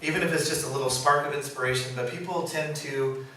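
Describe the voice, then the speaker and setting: A man who works as a puppeteer, giving an informal, animated storytelling talk and laughing often as he acts out quotes. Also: mid-range voice, fast talker. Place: presentation room. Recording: echoey room, mic far, background noise.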